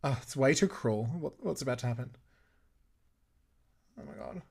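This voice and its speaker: A man's voice: mid-range voice, expressive, normal speed, vocal fry, a little mellow, husky. A man hosting a watch-along episode commentary podcast, sarcastic and playful, talking back at the screen. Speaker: podcast host.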